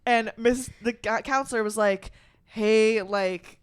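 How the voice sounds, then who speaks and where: A young woman hosting a podcast in casual chat, telling stories in an animated way, swearing freely and acting out quotes loudly. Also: a little high, slow pace, clean tone. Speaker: podcast host.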